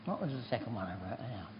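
An older man preaches a relaxed sermon packed with rambling anecdotes and self-deprecating asides. His ordinary-pitched voice rings through a big hall with long reverb. The recording is dull and muffled, with faint background noise.

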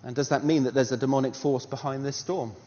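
A man preaching a sermon, telling a story and asking animated rhetorical questions with a touch of self-deprecating humour. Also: medium pitch, quick pace. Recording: dull sound with long hall reverb.

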